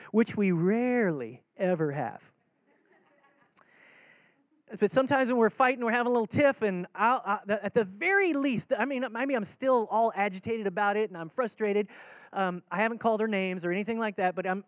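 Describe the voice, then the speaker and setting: A man's voice: sits high, no room sound. Earnest man preaching a sermon, dry sound. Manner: earnest, conversational preaching with repeated key words. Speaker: pastor.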